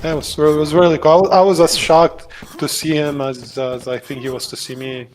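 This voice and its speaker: A higher-pitched man from Poland chats casually while commentating a game tournament. He is relaxed and his sentences fade out softly. Faint background noise sits under his voice chat. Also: brisk.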